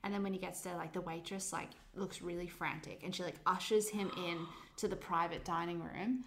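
A woman's voice: fairly low pitch, fairly even intonation, a little fast, a bit bright, slight background noise. A woman, co-hosting a podcast and telling a story in casual chat, full of "like" and "um". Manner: chatty, lots of "like" and "um" fillers. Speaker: podcast co-host.

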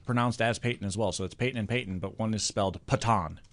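A man's voice: on the low side, fairly even intonation, quick pace. A man co-hosting a football draft show, casually laying out his reasoning about trades. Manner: analytical, lays out reasoning. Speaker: co-host. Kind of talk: casual sports talk.

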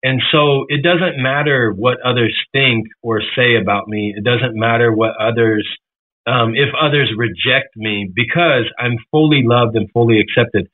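A man's voice: medium pitch, measured pace. A man from Florida, a musician guest in a radio interview, talking earnestly and reflectively, at times emotional. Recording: tinny phone line.

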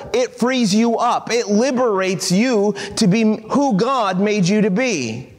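A male pastor preaches with earnest emphasis, drawing out key phrases slowly. His voice sits high for a man. The sound rings with a long hall reverb behind him. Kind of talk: sermon.

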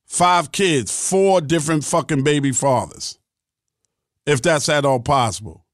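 A man's voice: fairly high pitch, measured pace, no echo, studio quality. A middle-aged man hosting a podcast, talking in a blunt, profane and emphatic monologue. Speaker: podcast host.

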